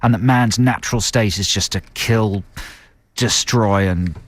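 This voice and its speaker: A man's voice: lowish voice, measured pace, no room sound. A man hosting a radio show in casual chat, chatty and laughing often. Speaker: radio host.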